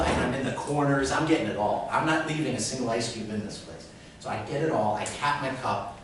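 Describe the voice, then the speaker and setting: Animated man telling a story in a big echoey room. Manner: animated, acts out voices in quotes. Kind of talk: live comic storytelling. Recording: very echoey room, mic at a distance, rumbling noise.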